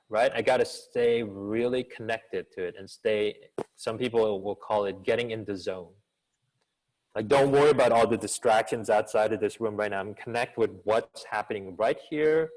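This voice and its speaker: A man, a business school professor and communication coach, answering questions in an online seminar over a video call. He has an actor's expressive delivery, with an energetic coaching tone and many rhetorical questions. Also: lowish voice, low-quality recording.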